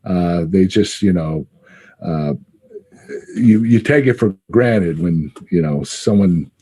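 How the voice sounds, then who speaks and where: A man in his fifties recalling his wrestling days in an interview. His voice is low and mellow, and he laughs often, pausing on fillers as he searches for words. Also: husky. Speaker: retired pro wrestler, guest. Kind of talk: interview answers.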